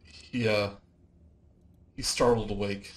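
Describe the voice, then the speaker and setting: A man narrating a tabletop game as game master, halting with many fillers, on low-quality home audio. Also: little pitch movement.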